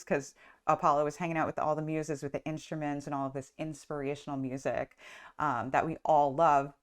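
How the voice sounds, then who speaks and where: A woman's voice: sits low, flat delivery, brisk. Chatty woman retelling a myth. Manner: chatty, lots of "like" and "um". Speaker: astrology and tarot teacher. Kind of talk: casual storytelling lesson.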